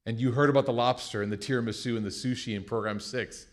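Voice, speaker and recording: A young adult American man teaches a class loosely and conversationally, speaking fast at an ordinary middle pitch. He keeps the lecture light with jokes and animated retellings of stories.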